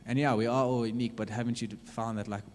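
A man preaching a sermon, earnestly urging his listeners with lots of repetition, swinging from loud to hushed. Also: mid-range voice, fairly even intonation, fast talker. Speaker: youth preacher. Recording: long reverb of a hall.

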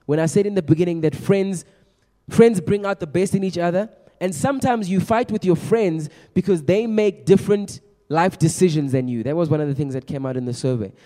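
A young man preaching to a youth group in a chatty, energetic way, often repeating his words. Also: sits high, a little fast. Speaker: youth pastor. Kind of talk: youth sermon. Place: large room with a youth audience. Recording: long echo of a large hall.

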